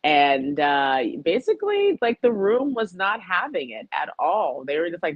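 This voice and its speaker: A woman's voice: fairly low pitch, very animated, measured pace, hardly any pauses, no room sound, lo-fi sound. A woman from New York, a chef and comedian, chatting casually as a talk show guest, rambling and self-deprecating with frequent giggles. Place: home, video call.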